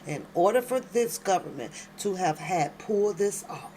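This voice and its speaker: Speaking in a lowish, animated voice at a moderate pace, a woman hosts late-night commentary from her home. Between reading documents aloud, she bursts out at her viewers with emphatic, slangy remarks, and a faint hiss or hum can be heard.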